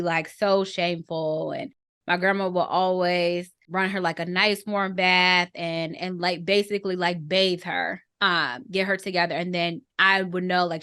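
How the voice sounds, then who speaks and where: A woman in her thirties, her lowish voice smooth in a studio-quality recording without echo, shares a personal family story in a podcast conversation. Earnest and reflective, she often slows to choose her words, holding back emotion and softening at the tender moments.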